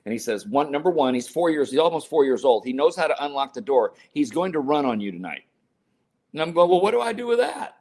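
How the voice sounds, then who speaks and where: Animated older male storyteller. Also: medium pitch, fairly quick. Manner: animated storyteller acting out quotes. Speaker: podcast guest. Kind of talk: storytelling interview.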